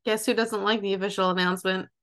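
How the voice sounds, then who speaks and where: A woman podcast co-host reacts to the story with short, blunt comments and swearing. Her voice is mid-pitched and casual. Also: flat delivery, fast, a bit bright. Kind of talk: casual book chat.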